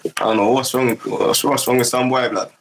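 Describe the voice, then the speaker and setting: A man's voice: medium pitch, flat delivery, moderate pace, noisy background. A young man with a London accent, chatting casually as a livestream host and rambling in heavy street slang. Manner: rambling, heavy street slang, keeps asking "you get me".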